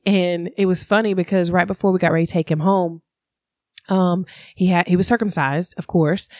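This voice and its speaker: A woman in casual conversation, candidly telling a personal story in an animated way. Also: fairly low pitch, moderate pace, no echo, studio quality. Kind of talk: casual chat.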